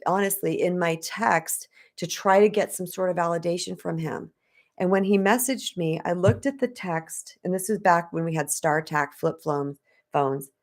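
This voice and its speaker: A deep-voiced, middle-aged woman who works as a spiritual empowerment coach speaks live to her viewers, reading their chat as she goes. She is emotional and animated, addressing the audience directly.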